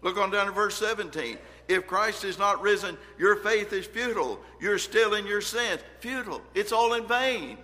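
A man preaching a sermon in a bright, forceful voice pitched a little high. He reads scripture with earnest emphasis, rising and dropping in volume. A long reverb trails his words through the hall. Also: moderate pace, few pauses.

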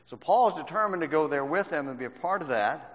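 Guy running a bible class, keeps asking the class questions, slightly high voice, long hall echo. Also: lively intonation, fairly quick. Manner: quizzes the class with questions, emphatic. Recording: dull lo-fi recording in a reverberant hall.

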